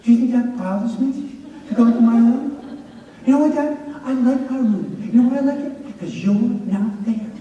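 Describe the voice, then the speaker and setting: A man's voice: high-pitched, sing-song, fairly quick, few pauses, warm tone, recorded from a distance, highs cut off, pitched above the performer's own voice. A man voicing his defiant twelve-year-old son, who taunts his father in a sarcastic tone. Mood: mocking defiant. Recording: echoey hall heard from afar.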